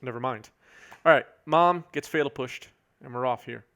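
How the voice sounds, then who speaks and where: A man giving live commentary on a card game match, chatty and quick to laugh while reading out viewer messages. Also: medium pitch, sharp tone. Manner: chatty, reads out viewer chat, chuckles often.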